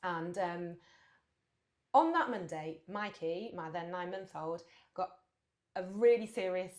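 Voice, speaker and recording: Animated woman telling stories. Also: fairly low pitch, measured pace, echoey room. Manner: animated storyteller, acts out quotes, laughs often. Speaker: podcast co-host. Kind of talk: casual podcast chat.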